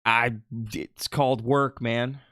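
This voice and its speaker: A man's voice: mid-range voice, level tone, takes it slowly, a bit bright, clean tone, no echo, clean studio sound. A man co-hosting a casual wrestling podcast, opinionated and ranting. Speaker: podcast co-host.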